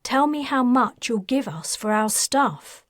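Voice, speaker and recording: A woman's voice: on the high side, animated, unhurried, no echo, clean studio sound, voice pushed up. A woman reading a blunt, determined young woman. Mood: curt.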